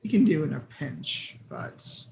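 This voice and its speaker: A man at a tabletop game, describing what his character does in a casual, explanatory way. His voice is a bit high and gravelly, with faint noise in the background. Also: sing-song, a little slow, darkish tone. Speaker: player. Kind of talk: narrating his character's actions.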